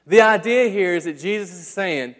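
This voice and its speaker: A man's voice: sits high, moderate pace, a bit bright. A man in his thirties preaching a sermon to a congregation, telling stories in a chatty, self-deprecating way full of fillers. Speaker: pastor. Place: church hall before a congregation. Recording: long reverb of a church hall.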